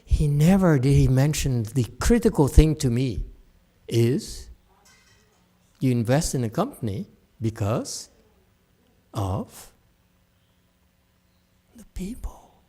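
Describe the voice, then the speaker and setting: His voice mid-range, expressive, and mellow, a middle-aged Buddhist teacher speaks at a measured pace in a temple hall. The dharma talk is conversational, full of digressions and frequent laughter.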